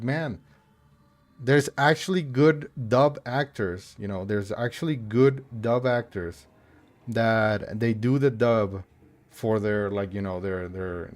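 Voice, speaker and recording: A man's voice: medium pitch, a little mellow. A man from Mexico chatting casually while streaming a game, rambling with many fillers and restarts. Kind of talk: casual chat while gaming.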